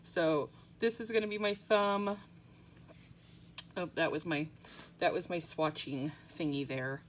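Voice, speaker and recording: A woman's voice: deep voice, measured pace, a little hiss or hum. A woman chatting casually through a nail art tutorial at home, rambling with frequent ums.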